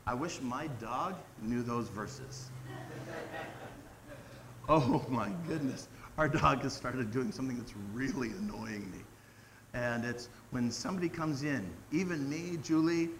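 A middle-aged man preaching a casual sermon, earnest and animated, slowing down to stress key words. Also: on the high side, a little hiss or hum, rough recording. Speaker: pastor.

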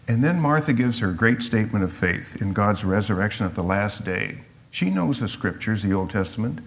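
A man's voice: lowish voice, expressive, normal speed. A man teaching through a Bible passage verse by verse, reflective and explanatory, sometimes acting out the quotes.

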